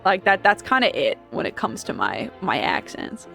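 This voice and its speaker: A woman streamer talking casually to her viewers, rambling from one thought to the next. She laughs often and trails off mid-sentence. Soft music plays faintly behind her. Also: mid-range voice, huge pitch swings, slow, creaky.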